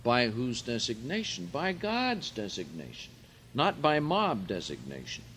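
A man preaching a sermon, reading scripture aloud and explaining Greek words, rising in pitch and volume for emphasis. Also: wildly swooping pitch, measured pace, fairly bright tone, slight background noise.

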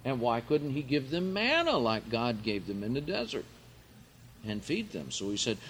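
A man preaching a Bible teaching sermon, slow and emphatic, lifting his voice on key words and carefully sounding out Greek phrases. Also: medium pitch, sing-song, a bit bright, husky.

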